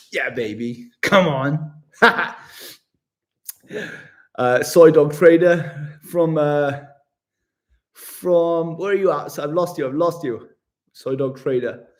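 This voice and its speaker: A travel vlogger chats casually with viewers on a live travel stream, upbeat and chummy, calling them "mate". His voice is fairly high-pitched and mellow.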